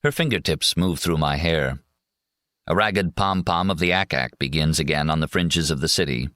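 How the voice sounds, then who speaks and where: A man reading a memoir audiobook in a measured, steady first-person narration. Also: a bass voice, no room sound, clean studio sound. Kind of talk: scripted narration.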